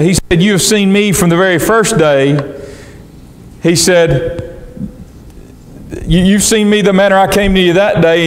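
A man preaching a sermon as pastor, reading scripture in old-fashioned wording and restarting phrases as he goes. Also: high-pitched. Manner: preaching in King James wording with frequent restarts. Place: church sanctuary. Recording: long church reverb.

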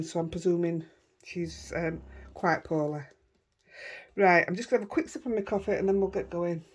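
Here a craft vlogger, a middle-aged woman from Yorkshire, talks her way through a home project in a loose, rambling style, musing aloud and making fun of herself. Her voice is husky and lowish.

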